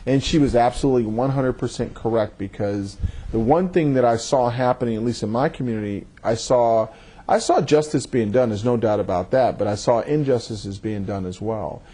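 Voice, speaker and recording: The speaker is a male judge whose interview answers are considered and measured, with words often repeated as each thought gets going. He has a warm tone and medium pitch.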